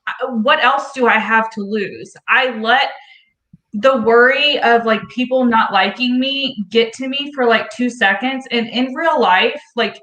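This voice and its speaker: A woman talks bluntly on a live-stream call, brushing off critics in plain terms. Her voice is bright and a little high, and the room around her sounds echoey. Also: measured pace. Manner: blunt, outspoken, dismissive of critics. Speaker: guest creator. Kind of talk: casual live-stream chat. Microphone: remote call audio.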